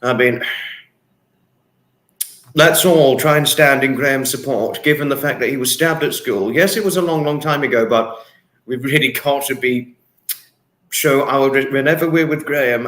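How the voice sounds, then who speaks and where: An English livestream host with a medium-pitched, slightly bright voice greets viewers by name with great enthusiasm, swearing freely as he reads out their comments. The casual stream sounds like it's in an echoey room.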